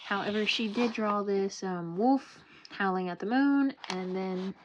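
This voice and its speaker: A woman's voice: mid-range voice, measured pace, lo-fi sound. Giggly, gushing young woman book vlogger. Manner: excitable, gushing, giggly, rambling. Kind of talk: casual book collection showcase. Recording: noisy home recording.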